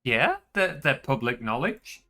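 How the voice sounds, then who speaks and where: A man's voice: medium pitch, sing-song, measured pace, bright, forceful tone, faint music behind. A young man with a Yorkshire accent, chatting casually as a streamer, laid-back and swearing freely. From northern England. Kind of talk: casual chat.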